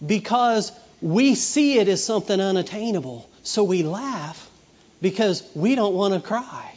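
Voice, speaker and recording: A middle-aged pastor preaches in a chatty, storytelling way and slips into children's voices. His voice sits high for a man. The recording is dull and carries a long hall echo. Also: lively intonation, a little slow, a little mellow, slightly rough. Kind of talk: sermon.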